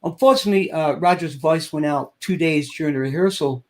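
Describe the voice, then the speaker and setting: A man's voice: a little high, brisk. A middle-aged man from Ireland, a guest singer telling a story in an interview and acting out the people he quotes. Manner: animated storyteller, acts out quoted voices.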